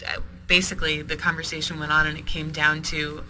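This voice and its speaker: A man, a shop owner being interviewed, recounting events in a halting way with many ums and restarts. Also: fairly high pitch, little pitch movement, bright, forceful tone. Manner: storytelling with frequent ums and restarts. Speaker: sex toy store owner. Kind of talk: interview storytelling. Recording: noisy podcast recording.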